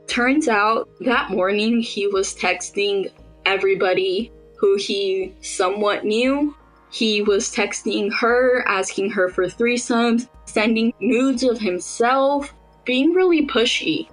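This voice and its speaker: A woman's voice: mid-range voice, takes it slowly, soft background music, rough recording. A woman telling a personal story in a casual way, quoting herself and others as she goes. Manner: quotes herself and others in lively re-enactment. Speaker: storyteller recounting her own experience.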